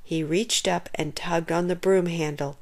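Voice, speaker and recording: A woman reading a children's chapter book aloud in an expressive storytelling manner. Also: on the low side, a little slow.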